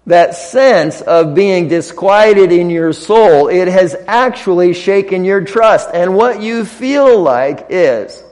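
A man preaching a sermon in a conversational way, slow and deliberate with quick asides. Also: high voice, animated, a little mellow. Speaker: pastor. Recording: long reverb of a large hall.

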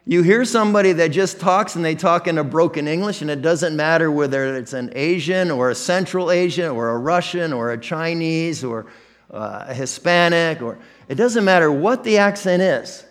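Male pastor, Midwestern American accent, candid conversational preaching, pitch a touch high. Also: animated, moderate pace. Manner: conversational, self-deprecating, with many restarts. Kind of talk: sermon.

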